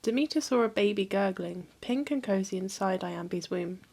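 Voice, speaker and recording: A woman hosting a history channel, reading a mythology book aloud in a calm, even storytelling manner. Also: mid-range voice, normal speed, vocal fry, husky.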